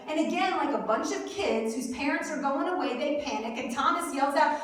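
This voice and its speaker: High, lively woman preaching in an echoey hall. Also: moderate pace, few pauses. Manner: animated storytelling, acting out quotes. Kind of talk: Easter sermon. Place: church hall. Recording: echoey hall, mic at a distance.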